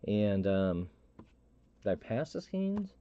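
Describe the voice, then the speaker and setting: A middle-aged man hosting a live stream, telling a story in a halting, rambling way with many restarts and fillers. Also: fairly low pitch, big pitch swings, clean tone, lo-fi sound. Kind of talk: casual storytelling chat.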